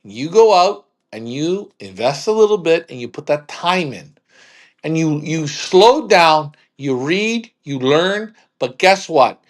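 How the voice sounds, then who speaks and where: Guy hosting, kinda high voice, blunt and pushy, cusses a lot. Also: big pitch swings, slow. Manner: blunt, emphatic, swears freely. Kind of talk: casual chat.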